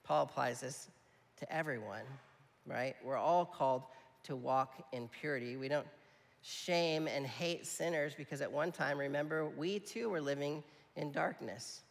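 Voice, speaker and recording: A man's voice: a little high, a little slow, creaky. A man preaching a sermon in a conversational, emphatic way, often checking in with his listeners. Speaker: pastor. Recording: long hall reverb.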